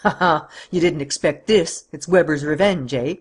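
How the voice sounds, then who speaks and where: A man voices a triumphant policeman in a storybook reading, growling slow threats. His voice is husky and drawn out, with a gloating edge. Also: a little high. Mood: growling, threatening.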